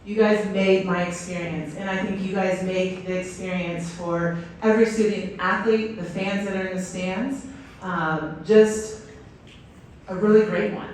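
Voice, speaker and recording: A woman's voice: mid-range voice, steady tone, a little slow, a little mellow, a little hiss or hum. A woman coach giving an enthusiastic storytelling speech to a stadium crowd, with many fillers. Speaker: head volleyball coach, guest speaker. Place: outdoor stadium. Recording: echoey stadium PA from far off.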